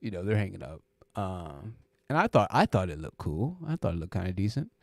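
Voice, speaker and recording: A man's voice: low-pitched, very animated, a little fast, vocal fry, darkish tone, no echo, clean studio sound. A man hosting a live stream in a casual chat style, rambling through explanations with lots of fillers, on a dynamic podcast mic in a home room. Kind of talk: casual live chat, reading viewer comments. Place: home room with hoodies hung up to absorb sound. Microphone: dynamic podcast mic through a preamp.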